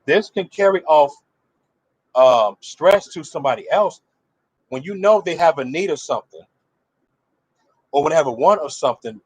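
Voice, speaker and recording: A man's voice: a little high, animated, moderate pace, pauses often, a little mellow, husky, no echo. A male preacher giving a sermon, telling a story and putting rhetorical questions to his listeners.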